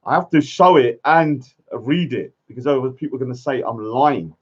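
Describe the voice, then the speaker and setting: Man, casual rambling commentary, mid pitch, dull lo-fi sound. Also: a little fast. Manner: rambling, animated, muttering asides. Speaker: vlogger.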